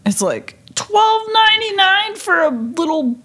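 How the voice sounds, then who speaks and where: A woman's voice: very high-pitched, unhurried. A woman in her fifties telling a travel story in casual chat, acting out the people in it. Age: 50s. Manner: animated storytelling, acting out voices in quotes. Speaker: podcast co-host.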